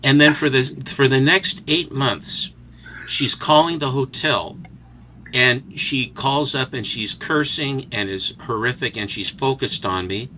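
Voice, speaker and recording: A man telling a casual anecdote as a guest, animated and acting out the people in his story. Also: mid-range voice, unhurried, a little hiss or hum, rough recording. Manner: animated storyteller who acts out characters.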